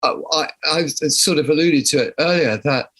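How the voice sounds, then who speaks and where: A man's voice: on the high side, normal speed, a bit bright, slightly rough. Older man with a southern English accent. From southern England. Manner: reflective, storytelling with frequent restarts. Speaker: guest musician. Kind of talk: conversational interview.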